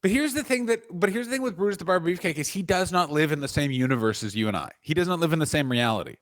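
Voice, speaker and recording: Profane, animated man co-hosting a podcast. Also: on the high side, rapid-fire, no room sound, studio quality. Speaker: podcast co-host. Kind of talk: crude comedic banter. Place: corner of his living room.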